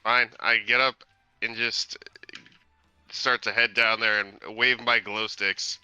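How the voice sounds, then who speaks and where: A man's voice: fairly low pitch, level tone, takes it slowly, pushed and bright, clean tone, dry recording, highs cut off, faint music behind. A man playing a tabletop game, with hesitant, meandering replies. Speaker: player. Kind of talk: casual chat at the table.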